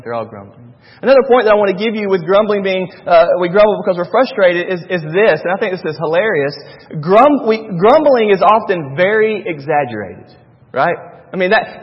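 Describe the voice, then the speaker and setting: High-voiced male pastor with a husky tone, casual preaching, dull recording in a long-echo hall. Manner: conversational preaching, repeats phrases for emphasis. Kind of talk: sermon.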